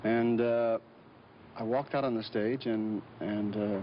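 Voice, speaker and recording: A man with a fairly low voice tells stories as a guest, pausing often and restarting his sentences. He is from Georgia. The recording is dull and lo-fi, with a faint hiss of noise underneath. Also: steady tone. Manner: halting, with many fillers and restarts. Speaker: guest actor. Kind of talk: casual interview storytelling.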